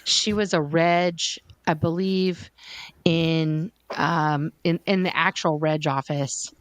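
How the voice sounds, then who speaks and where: A woman from California co-hosting a casual group chat, telling animated stories and slipping into mock voices. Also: deep voice, takes it slowly, clean tone, dry recording. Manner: animated storyteller, puts on mock voices in quotes. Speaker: livestream co-host.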